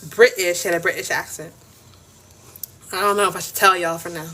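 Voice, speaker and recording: A woman's voice: lowish voice, steady tone, fairly quick, bright, forceful tone. A young woman chatting casually on a live stream, giggling, teasing and repeating herself. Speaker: TikTok livestreamer.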